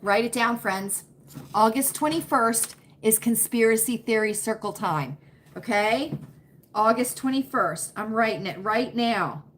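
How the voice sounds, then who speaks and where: High, bright-voiced woman chatting live. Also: unhurried, slight background noise. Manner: chatty, folksy, repeats phrases for emphasis. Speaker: livestream host. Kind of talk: casual live chat with viewers. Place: home. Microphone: computer webcam.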